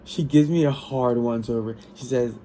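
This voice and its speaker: A tired man chatting casually about a book he is reading, rambling and excitable, with frequent restarts and swearing. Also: medium pitch, normal speed, slight background noise, low-quality recording. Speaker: book vlogger.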